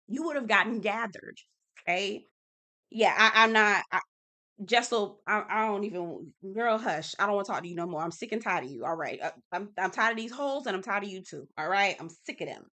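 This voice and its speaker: Female recap host: bright, forceful delivery, sassy and profane, casual review. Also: medium pitch, lively intonation, brisk.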